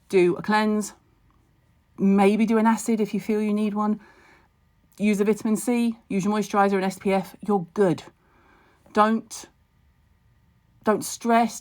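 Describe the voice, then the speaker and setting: Blunt, chatty woman on a home live stream. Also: medium pitch. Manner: chatty, blunt and wry, with asides and quick jokes. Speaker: skincare expert hosting a live stream. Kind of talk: casual live-stream chat.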